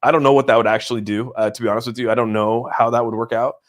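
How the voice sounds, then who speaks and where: A man at a mid-range pitch talks through a crypto market livestream in loose, rambling bursts. He is excitable and often says "dude", and he breaks off to greet viewers from the chat. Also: rapid-fire. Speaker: crypto channel host. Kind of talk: casual livestream market commentary.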